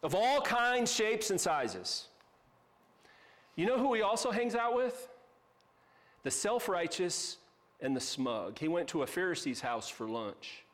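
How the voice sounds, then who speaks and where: A man's voice: sits high, very animated, a little slow, pauses often, fairly bright tone. A man preaching a sermon as pastor, conversational and emphatic, with casual asides.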